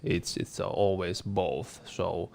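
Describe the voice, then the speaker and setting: A man's voice: deep voice, fairly even intonation, slow, gravelly, darkish tone. A man co-hosting a casual Q&A, speaking hesitantly with repeated words and fillers. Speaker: co-host. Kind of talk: casual panel Q&A.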